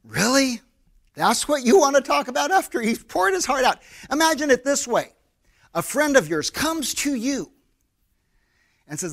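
An American man preaching a sermon, his voice sitting high for a man. He talks in an easy, conversational way and slips into quick quoted voices to act out little scenes. The delivery stays plain and personal. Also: very animated, fairly bright tone. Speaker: pastor.

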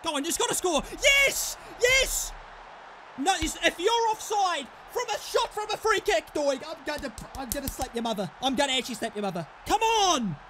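Young guy yelling and cursing at his football sim, really high voice, bit of noise in the back. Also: lively intonation, quick pace, few pauses. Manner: furious, swearing, shouting at players. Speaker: gaming YouTuber. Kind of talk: live gameplay commentary.

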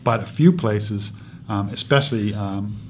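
Animated male film director in interview. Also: on the low side, unhurried, a little hiss or hum. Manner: animated storyteller, laughs while recounting. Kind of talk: casual interview talk.

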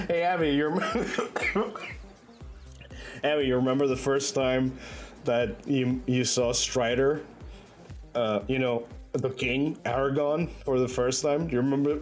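Male streamer, relaxed unhurried chatter, giggly and rambling, soft game music underneath. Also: mid-range voice. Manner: rambling and laughing often. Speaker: livestreamer. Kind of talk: loose casual chat while gaming. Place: own bedroom.

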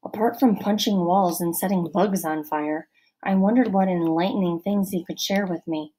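A woman reading a children's novel aloud as a first-person narrator, steady and expressive. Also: on the low side, moderate pace, rough recording. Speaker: audiobook narrator.

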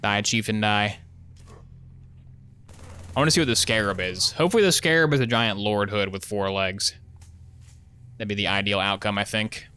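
Young male streamer, low-ish bright voice, sarcastic rambling gameplay chatter, faint hiss behind. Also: normal speed, long pauses. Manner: sarcastic, rambling, jokey asides. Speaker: gaming streamer. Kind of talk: casual live gameplay commentary.

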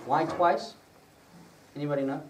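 A man with a fairly high, steady voice preaches a teaching sermon at normal speed to a small group in a prayer gathering room, keeping it conversational. He quizzes his listeners and raises his voice when quoting scripture. The room is echoey, the mic distant, and there's a faint hiss.

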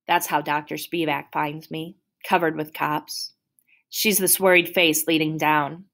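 A woman reading a novel aloud in first person with a steady, plain storytelling manner. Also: sits low, unhurried. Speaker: audiobook reader.

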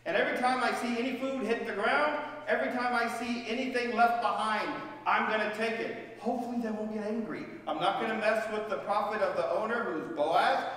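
A man's voice: high voice, fairly even intonation, brisk, hardly any pauses, a bit bright. Humble young widow, earnest and apologetic, voiced by a man mid-sermon, with long hall reverb. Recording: echoey church hall, voice from far off.

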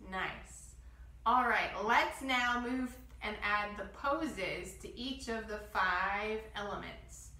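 A woman guiding a children's yoga class, giving gentle step-by-step instructions and demonstrating breath sounds. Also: medium pitch, takes it slowly, reverberant, distant mic, low-quality recording. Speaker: kids yoga teacher.

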